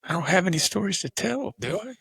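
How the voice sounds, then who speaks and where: A man's voice: high-pitched, big pitch swings, quick pace, gravelly, fairly bright tone, husky, no room sound, studio quality. A man from South Texas guesting on a casual chat, rambling and hesitant, poking fun at himself. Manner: rambling, hesitant, self-deprecating.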